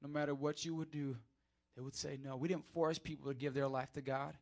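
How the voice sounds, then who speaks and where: A young man preaching a casual, lively sermon in church, talking directly to the crowd and swinging between quiet asides and loud peaks. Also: a little high, brisk, vocal fry, hardly any pauses. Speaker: pastor.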